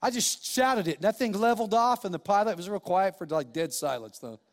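Man, pastor, sermon, high voice, impassioned, repetitive, long church reverb. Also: animated, a little fast.

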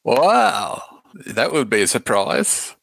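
A man's voice: medium pitch, big pitch swings, takes it slowly, gravelly, fairly bright tone, slightly rough, no echo. A man co-hosting a podcast, chatting casually and wryly about a reality show, agreeable and easygoing. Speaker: podcast co-host.

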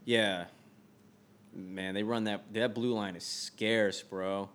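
Chill podcast guy, low voice, lotta ums, rambles. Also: fairly even intonation, takes it slowly, fairly bright tone, slight background noise. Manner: laid-back, rambling with many fillers. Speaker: podcast co-host. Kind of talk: casual chat.

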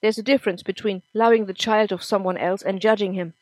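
A woman reading the lines of a firm, caring mother who speaks calmly and reassuringly, in a dry close recording. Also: mid-range voice, fast, dry recording, natural voice.

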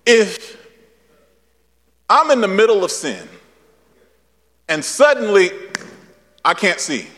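A young male pastor preaching a sermon in a high, swooping voice that rises into shouts and repeats itself for emphasis. His voice rings out with a long reverb, as if he is in a large church hall. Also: slow pace, pauses often. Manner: animated preaching with shouted peaks and repetition.

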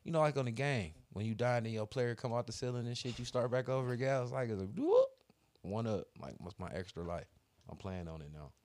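A man's voice: mid-range voice, lively intonation, fast talker, a little mellow. A man co-hosting a podcast in casual chat, telling a story with heavy cursing and slang. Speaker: podcast co-host.

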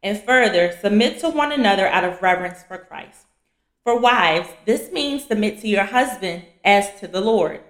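A woman's voice: mid-range voice, expressive, normal speed. A young woman, hosting a faith podcast for women and teaching casually, blunt and chatty, calling her listeners "y'all.". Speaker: podcast host and fiancée coach. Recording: echoey room.

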